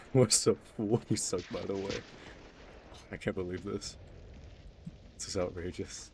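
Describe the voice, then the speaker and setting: A man's voice: sits low, fairly even intonation, slow, creaky, noisy background. A man streaming a video game, rambling casually, mocking himself and trailing off mid-sentence. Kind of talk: casual gameplay commentary.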